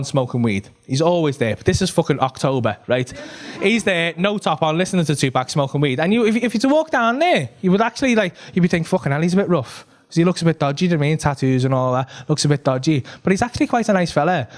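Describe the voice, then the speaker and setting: A man's voice: a little high, quick pace, few pauses. A man doing stand-up, telling a story with lots of swearing and laughter. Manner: animated, swearing, laughs at his own story. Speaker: stand-up comedian. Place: comedy club stage.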